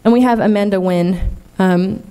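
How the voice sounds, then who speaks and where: A woman's voice: medium pitch, moderate pace, dark tone, smooth. Earnest woman giving a conference keynote. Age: adult, in the field twenty years. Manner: earnest, candid, emphatic, frequent "like" and "right?". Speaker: conference plenary speaker. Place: conference hall.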